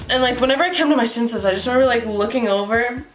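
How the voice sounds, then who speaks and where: Perempuan muda bercerita cekikikan, ruangan bergema. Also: female voice, a little high. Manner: giggly, animated, many fillers. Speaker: vlogger. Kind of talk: casual storytime. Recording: roomy with faint music.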